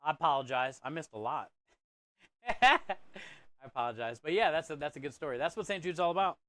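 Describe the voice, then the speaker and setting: A man's voice: a little high, lively intonation, a little fast, fairly bright tone, no room sound. A man hosting a live cooking stream, chatting casually and reading viewer comments aloud in a friendly, laid-back way. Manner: friendly, chatty, addresses viewers as bro and dude. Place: kitchen or food truck.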